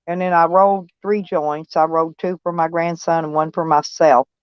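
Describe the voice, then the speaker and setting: A woman's voice: low-pitched, fairly even intonation, normal speed, smooth, no room sound. Older woman, van-life vlogger; loose folksy rambling, salty language, dry lo-fi recording. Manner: rambling, folksy storytelling with cussing and laughs. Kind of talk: casual chat. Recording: dull lo-fi sound.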